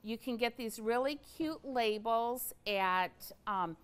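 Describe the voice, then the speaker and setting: A woman's voice: a little high, takes it slowly, clean tone. A woman hosting a casual livestream product demo from an indoor craft studio, chatty and enthusiastic, with frequent fillers.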